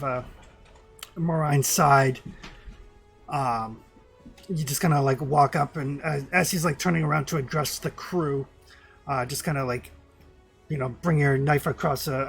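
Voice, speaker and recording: A man running a tabletop game, describing the scene casually and leaning on fillers like kinda and like. His voice sits a bit high, with faint music behind him. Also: a little slow, creaky, fairly bright tone. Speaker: game master.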